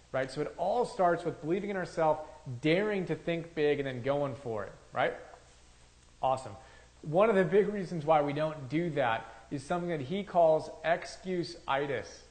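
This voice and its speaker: A man's voice: a little high, darkish tone, poor audio. A man giving an enthusiastic, conversational review of a motivational book, often checking in with "right?".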